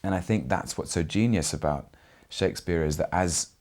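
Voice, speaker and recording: Young british actor guy, super low voice, thoughtful and earnest, lots of little pauses. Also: darkish tone. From Britain. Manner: earnest and reflective, with frequent pauses. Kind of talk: interview.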